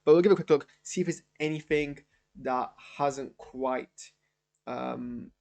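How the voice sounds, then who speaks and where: A man's voice: mid-range voice, measured pace, gravelly, a little mellow. A young man giving a live reaction review of a TV episode, rambling, self-interrupting and often exasperated. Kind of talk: live post-watch reaction.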